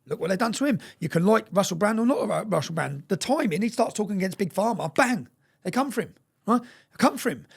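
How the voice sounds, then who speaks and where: Man, rapid speech, rough husky voice, swears, repeats himself, interview storytelling. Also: high voice, expressive. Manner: fast, swearing, repeats words and keeps asking "yeah?". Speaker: interview guest.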